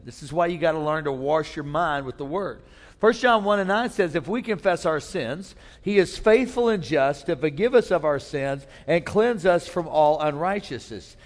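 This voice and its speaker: Here the pastor's voice sits a little high, and the space sounds large. Mid-sermon, he shares a humorous personal anecdote, performing the characters' voices for comic effect.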